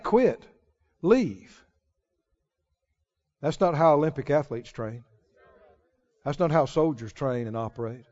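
High-pitched, lively preacher. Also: male voice, muffled recording. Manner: animated preaching, laughing often, calls to the congregation. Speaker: pastor. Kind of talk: sermon.

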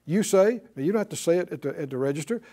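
Animated older preacher, lively pitch. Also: male voice, very fast. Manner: animated call-and-response preaching, hallelujahs; storytelling, acting out both sides of a conversation. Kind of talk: sermon.

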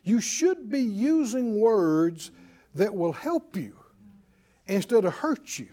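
A man's voice: high-pitched, big pitch swings, slow, mellow. A man preacher delivering a sermon, exhorting his congregation with rhetorical questions and often repeating words as he starts a phrase.

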